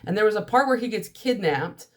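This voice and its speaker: A woman's voice: medium pitch, animated, fairly quick. A young woman with a stuffy, nasal voice from allergies, rambling nonstop in casual chat to her camera while vlogging. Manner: chatty stream-of-consciousness talk. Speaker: nail polish vlogger.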